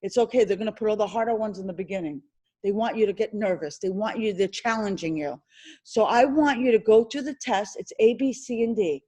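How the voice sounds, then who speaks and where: A woman instructor lecturing a classroom on insurance licensing, animated and repetitive as she drills and quizzes her students. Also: medium pitch, fairly quick, low-quality recording.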